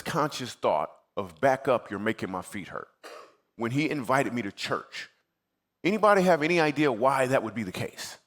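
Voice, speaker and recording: A man's voice: a little high, fairly bright tone. Comedic man preaching through a story. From Michigan, USA. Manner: conversational, acts out his own past replies. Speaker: comedian and guest speaker. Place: church stage before a live audience.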